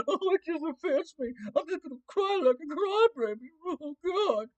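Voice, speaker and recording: A man putting on the voice of a whiny adult crybaby who sobs and complains, in a high mocking whine. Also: animated, normal speed, lo-fi sound. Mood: whiny sobbing.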